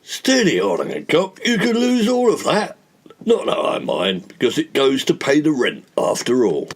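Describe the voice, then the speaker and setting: A man voicing a gruff, sly, middle-aged bookie who talks in a low, wry drawl. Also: wildly swooping pitch, measured pace, full character voice.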